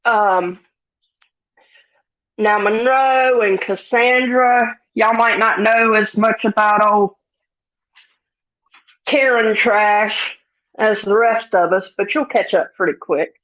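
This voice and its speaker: A woman's voice: medium pitch, fairly even intonation, slow pace, long pauses, muffled recording. A woman hosting a casual livestream, greeting chatters in a folksy, giggly drawl and sounding a bit sniffly. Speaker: livestream host. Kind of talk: casual live chat reading comments.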